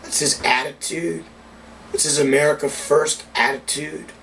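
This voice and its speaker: A man's voice: on the high side, fairly even intonation, unhurried, gravelly, crowd noise. A man ranting heatedly and with a lot of swearing in a casual vlog monologue as a cigar reviewer. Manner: profane, heated political rant. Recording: distant mic with faint background noise.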